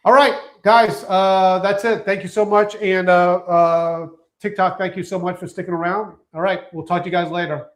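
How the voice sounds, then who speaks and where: A man's voice: high voice, fairly even intonation, moderate pace, hardly any pauses, slight background noise. A man hosting a podcast, talking in loose, joking banter with many restarts. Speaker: show host. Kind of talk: casual podcast chat.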